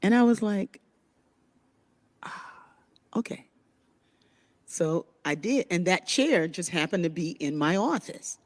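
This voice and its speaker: A woman's voice: on the low side, slow, long pauses. A woman hosting a spiritual conversation, telling a personal story with lots of laughter and murmured agreement. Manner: animated storytelling with frequent laughs and affirming murmurs. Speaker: host.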